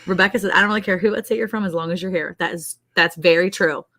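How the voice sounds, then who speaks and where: A chatty woman co-hosting a casual ranch livestream, her voice sitting a bit low for a woman. She laughs easily and keeps reading out comments from viewers in a relaxed, joking way. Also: fast.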